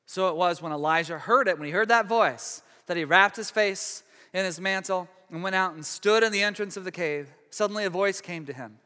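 A pastor with a high, bright, ringing voice preaches a sermon conversationally at a moderate pace, restarting often. He swells for big moments and drops to a near hush for quiet ones, while a long reverb trails behind him in a large hall.

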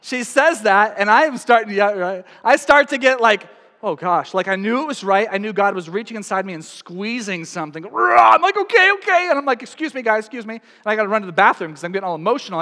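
A man with a high voice gives a sermon, sharing his own story with animated feeling. The sound carries a long reverb from a church hall. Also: fast. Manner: personal storytelling, animated and emotional. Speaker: pastor.

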